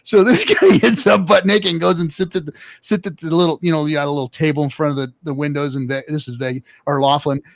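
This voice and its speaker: Brief: male storyteller, gravelly, high-ish voice, dry close mic, animated. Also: fast talker, hardly any pauses, no echo. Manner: animated, loud quoted voices, swears often. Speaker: podcast co-host. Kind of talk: casual storytelling chat.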